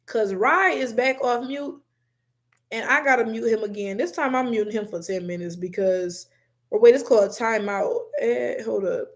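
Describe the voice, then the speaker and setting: A young woman from Detroit with an African American English accent, hosting a livestream and reading chat out loud in a blunt, animated, profane way. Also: on the high side, moderate pace. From Detroit, USA. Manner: animated, blunt, swears a lot, laughs often.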